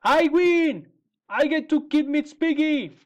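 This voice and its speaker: A man's voice: high voice, lively intonation, measured pace, muffled recording. A man reading a storybook and voicing a stubborn witch who sighs wearily. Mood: gloating. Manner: sighing, world-weary. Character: weary, stubborn female witch.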